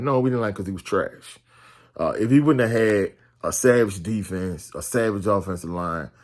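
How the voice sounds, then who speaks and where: A man, speaking in a lowish voice. He gives a blunt, casual postgame football reaction. He fills his talk with "you know" and rambling restarts. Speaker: sports commentator.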